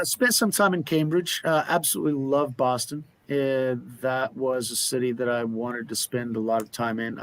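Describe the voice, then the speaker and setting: Male co-host, casual live-stream chatter, rambling delivery, middle pitch. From Oklahoma. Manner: rambling, many fillers and restarts. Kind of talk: casual chat.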